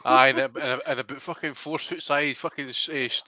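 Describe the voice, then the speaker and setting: Podcast guy, swears, mocking rants, bright sharp voice, dry sound. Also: mid-range voice, steady tone, fairly quick, no echo. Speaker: podcast co-host. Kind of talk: casual banter.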